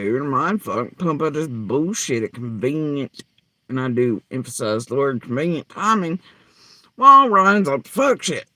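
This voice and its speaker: Man, profane, mocking reaction rant, somewhat high, very lively pitch. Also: no room sound. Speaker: commentary host.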